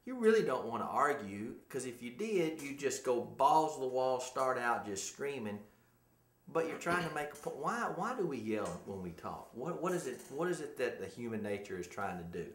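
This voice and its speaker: A chatty co-host in his forties who rambles from one thought to the next and laughs often. His pitch rises and falls a lot as he talks. The voice rings in an echoey room. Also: sing-song, normal speed. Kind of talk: casual chat.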